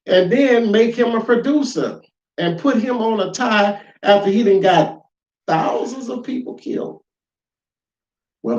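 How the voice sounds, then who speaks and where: A man giving an informal spoken lesson, emphatic and full of rhetorical questions, swinging between loud and quiet. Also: sits high, recorded from a distance. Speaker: lecturer. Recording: echoey room, dull lo-fi sound.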